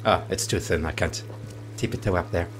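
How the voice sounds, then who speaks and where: A man giving playful gameplay commentary as a let's play host, cooing softly and giggling while he talks to the characters on screen. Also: deep voice, brisk, low-quality recording. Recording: game music behind the voice.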